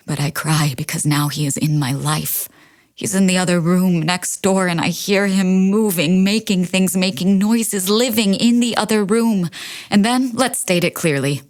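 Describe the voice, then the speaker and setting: A woman with a slightly low voice performs a staged reading of a play as a monologue. She is wry and anxious, rattling off lists briskly and then dropping to hushed confession. The sound is clean studio audio. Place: recording studio.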